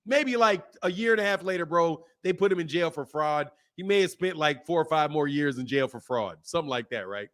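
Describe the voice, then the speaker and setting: A man hosting a boxing channel, talking casually to his camera in animated, slangy commentary with frequent laughter. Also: on the high side, brisk, few pauses. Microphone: camera mic.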